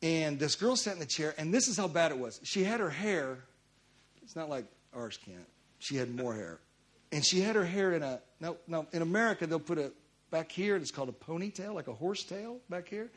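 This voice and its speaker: A middle-aged man preaching a sermon, telling a personal story in a conversational way that swings between loud urgency and hushed intensity. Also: a little high, expressive, a little fast.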